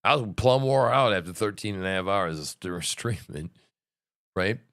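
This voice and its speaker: A man hosts a livestream and reacts to what he is watching in real time, cursing freely. He swings between loud, excited outbursts and low muttering. His voice is smooth and clear, recorded dry and close with no room sound. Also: normal speed, no room sound. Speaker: livestream host. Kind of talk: live reaction commentary.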